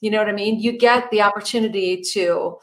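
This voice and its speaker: A woman's voice: medium pitch, steady tone, fairly quick. A middle-aged woman acting coach talking conversationally to a group, often asking "right?" and saying "you know".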